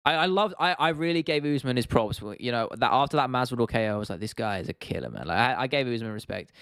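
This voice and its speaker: A man's voice: mid-range voice, quick pace, fairly bright tone, clean tone, no echo, clean studio sound. A young man from England hosting a casual livestream, reading out chat comments and rambling with frequent restarts and laughs. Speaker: livestream host.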